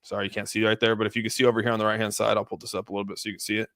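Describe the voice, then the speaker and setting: A man with a lowish, smooth and resonant voice talks through price charts on a live stream. He rambles loosely and restarts his sentences as he chats with viewers. The sound is dry and close. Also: flat delivery, racing, a bit bright, no echo. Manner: loose and chatty, many restarts, reads donor messages. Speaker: crypto streamer. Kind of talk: casual livestream chart commentary.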